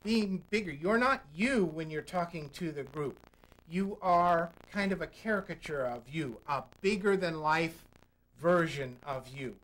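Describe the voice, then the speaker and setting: A man's voice: fairly high pitch, lively intonation, unhurried, a bit bright, rough recording. A man speaking as a public speaking coach on a studio talk show, explaining technique and acting out examples. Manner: demonstrative, acts out vocal examples. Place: local TV studio.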